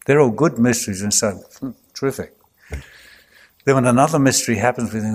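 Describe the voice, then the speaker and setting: A man, a clergyman giving a reflective talk full of anecdotes and gentle humour. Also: mid-range voice, animated, a little fast.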